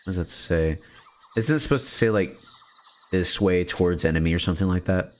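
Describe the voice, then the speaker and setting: A man with a deep voice streams a video game, talking fairly quickly over slight background noise. He's playful in his casual gameplay commentary, joking and chatting with his viewers as he plays.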